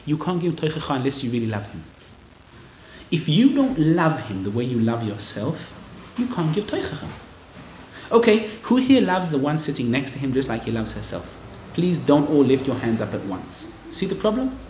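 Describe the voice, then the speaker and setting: Animated man lecturing in a roomy hall. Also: medium pitch, moderate pace, a little hiss or hum. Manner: animated, acts out quoted people in raised voices. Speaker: rabbi giving a Torah class. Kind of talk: lively sermon-style Torah lecture. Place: hall with live audience. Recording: roomy, slightly dull hall recording.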